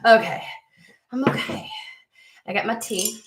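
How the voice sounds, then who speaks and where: A woman from the United States chatting casually to camera as a tarot reader, rambling and halting, with lots of fillers and restarts. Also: on the high side, background noise. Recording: echoey room.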